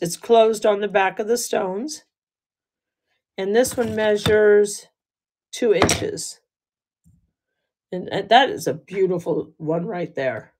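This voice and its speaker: Raspy-voiced woman selling jewelry live. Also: mid-range voice, a little mellow. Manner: chatty, laughs often, thanks bidders by name. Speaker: livestream jewelry seller. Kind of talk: live auction selling chat.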